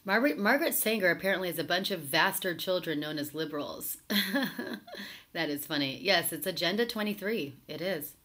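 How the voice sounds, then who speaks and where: Lower-voiced woman hosting a sarcastic live chat. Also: expressive, brisk, a bit bright. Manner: sarcastic, chatty, reacts to viewer comments. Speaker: talk show host reading live chat. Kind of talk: casual live-stream commentary.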